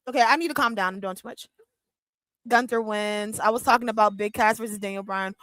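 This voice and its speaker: A young woman hosting a live watch-along stream, giving excitable reaction commentary with squeals and bursts of laughter. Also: mid-range voice, fairly quick, no room sound. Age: young adult. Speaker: livestream watch-along host.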